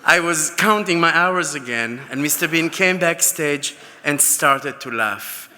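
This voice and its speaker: Guy giving an award speech, kinda high voice, super bright and sharp, big echoey hall. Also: lively intonation, unhurried, a little hiss or hum. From Israel. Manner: anecdotal storytelling with fillers and restarts. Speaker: award recipient. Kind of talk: acceptance speech. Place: large banquet hall. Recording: reverberant hall with PA.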